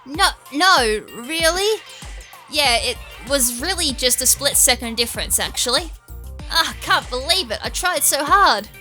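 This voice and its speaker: Eager young male gamer hero, voiced by an Australian woman; bright and fairly high. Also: animated, unhurried, faint music behind, exaggerated voice. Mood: disappointed.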